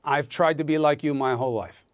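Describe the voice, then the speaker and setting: A man hosting a TV interview, needling his guest with mock sympathy, often dropping to a soft, low voice. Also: brisk, a little hiss or hum. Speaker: TV news host. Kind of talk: TV interview banter.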